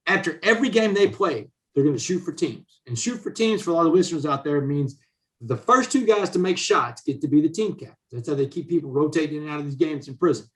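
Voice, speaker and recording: Guest storyteller: middle-aged man, fairly high-pitched voice, animated and conversational. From Southeast Texas, USA. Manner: animated, drops "man" into nearly every sentence. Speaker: podcast guest, author and speaker. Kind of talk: casual storytelling.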